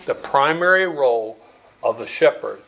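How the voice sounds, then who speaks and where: Man preaching in a halting, conversational way. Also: mid-range voice, animated, vocal fry, pushed and bright, rough recording. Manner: conversational preaching with many restarts and repeated words. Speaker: pastor. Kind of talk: sermon.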